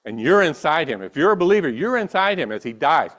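A man's voice: on the high side, very animated, fast, a bit bright. A man preaching a sermon, reading scripture and then pressing his listeners with rhetorical questions and emphatic repetition. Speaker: pastor.

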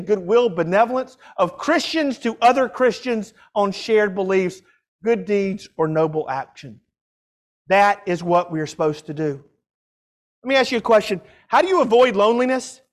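An older man preaching a sermon, asking rhetorical questions and swinging from loud cries to hushed tones. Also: high voice, moderate pace.

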